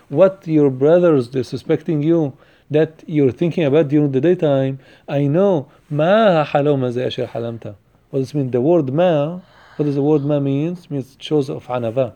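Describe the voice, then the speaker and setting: A man teaching a Torah portion class. He chants Hebrew verses quickly, then explains them with rhetorical questions. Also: a little high, warm tone.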